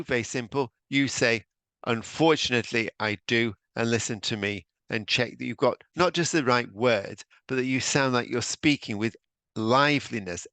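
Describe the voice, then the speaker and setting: A man teaching a spoken English lesson, modelling phrases slowly with clear emphasis for learners to repeat. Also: medium pitch, a bit bright, no room sound. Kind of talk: spoken language lesson with drills.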